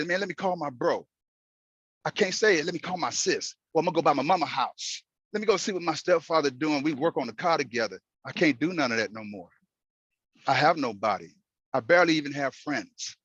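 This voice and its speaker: A man telling a personal story while driving, in an earnest, halting way with many restarts. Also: a little high, fairly bright tone, no echo, lo-fi sound. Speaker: host. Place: in a moving car.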